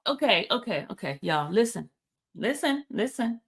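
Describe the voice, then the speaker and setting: A woman with a slightly higher voice talks slowly and deliberately. She keeps calling out to her viewers and repeating her questions with excitement. She sounds like a casual commentary host reading through court records. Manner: casual, addresses viewers as y'all.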